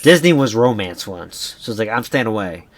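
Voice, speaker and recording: A man's voice: fairly low pitch, expressive, normal speed. Young guy co-hosting a chill podcast, rambly and sweary, voice bouncing up and down a lot. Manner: rambling, sidetracked storytelling with frequent restarts and swearing. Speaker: podcast co-host. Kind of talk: casual chat.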